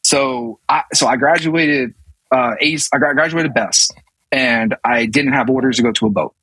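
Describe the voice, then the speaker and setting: A man's voice: mid-range voice, moderate pace, bright, forceful tone, breathy edge, dry recording, poor audio. A man in his thirties, a navy command master chief and podcast guest, telling a story casually with many restarts and acted-out quotes. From US South.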